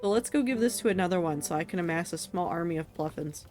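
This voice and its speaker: A woman's voice: fairly low pitch, expressive, fast talker, darkish tone, faint music behind. A young woman streaming a game, chatting casually with playful, mock-exasperated remarks.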